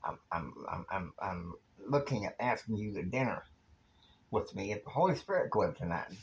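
A bashful young college guy who stammers over his words, low and subdued, as a man voices him. He sounds like a storybook character read out by the narrator, hesitant from start to finish. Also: lively intonation, normal speed, vocal fry, slight background noise. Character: shy, stammering young male student.

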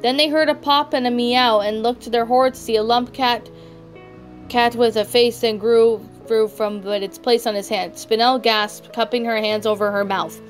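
A woman's voice: on the high side, fairly even intonation, normal speed. Woman reading a story over music. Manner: stumbling reading with frequent restarts. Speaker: story narrator. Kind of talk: reading fan fiction aloud. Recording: background music throughout.

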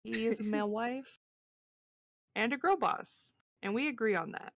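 A woman's voice: a little high, normal speed, a bit bright, dry recording. A woman co-hosting a casual book podcast on a livestream, playful and giggly, with goofy slang and names she mangles on purpose. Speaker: podcast co-host.

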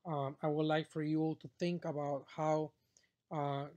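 A man with a somewhat high voice teaches a customer service class. He talks straight to the students in an unscripted lecture. He leans on fillers and keeps checking in with "okay?". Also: flat delivery, a little slow, darkish tone.

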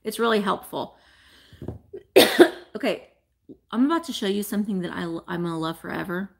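A woman's voice: medium pitch, animated, normal speed, gravelly. A woman hosting a live vintage sale, chatting casually and gushing over each item she unwraps. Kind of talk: casual live-stream chat.

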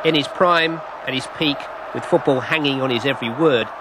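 Measured male documentary narrator. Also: medium pitch, noisy background. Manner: measured dramatic delivery. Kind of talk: scripted narration.

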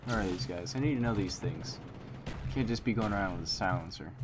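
With a fairly low voice and a slightly fast delivery, a young gaming commentator reacts live as he plays, muttering to himself and repeating phrases. Background noise is present, and game gunfire and explosions ring loudly behind him.

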